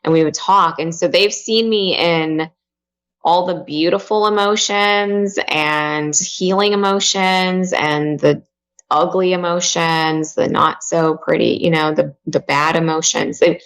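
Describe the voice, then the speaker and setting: A woman in her forties, a guest on a podcast, talking softly and openly in a reflective way. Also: on the low side, fairly even intonation, a little slow. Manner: soft, open and reflective. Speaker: podcast guest, mindfulness coach. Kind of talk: emotional podcast interview.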